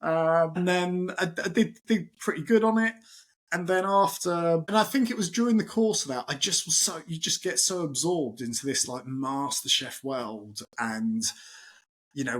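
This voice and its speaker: A man in his forties, a chef, chatting as a podcast guest and telling lively anecdotes, acting out the voices of people in his stories. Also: medium pitch. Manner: animated anecdotal storytelling, acts out quoted voices. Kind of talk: casual interview chat.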